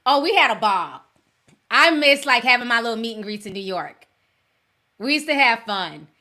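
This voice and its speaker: A middle-aged woman chats casually on her livestream, slangy and quick to laugh. Her voice sits high and rings bright. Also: animated. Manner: chatty, laughs often, slangy. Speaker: livestream host. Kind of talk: casual livestream chat with viewers. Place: home in Minnesota.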